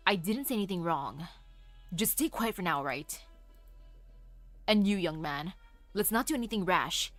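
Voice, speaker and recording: A woman voicing a composed adventurer who talks polite and steady to calm a tense standoff. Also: mid-range voice, dry recording, pitched below the performer's own voice, natural voice.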